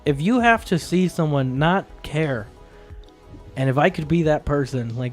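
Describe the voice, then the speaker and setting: Male guest, sincere and halting, slightly high pitch, soft music underneath. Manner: earnest, searching for words with repeated starts. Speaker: podcast guest. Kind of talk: casual podcast chat.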